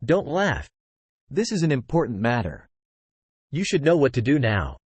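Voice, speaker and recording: A cool young guild leader, voiced by a male narrator gives curt orders. His pitch moves a lot between phrases in this storybook reading. The sound is dry and close. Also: wildly swooping pitch, moderate pace, husky, no echo. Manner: curt, commanding.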